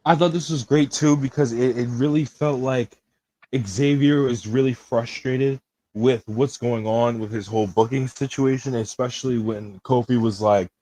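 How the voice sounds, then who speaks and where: A man co-hosting a casual wrestling podcast, describing matches excitedly in loose slang. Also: mid-range voice, normal speed, dry recording, low-quality recording. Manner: excitable, slangy, says bro a lot. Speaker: podcast co-host. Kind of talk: casual wrestling review chat.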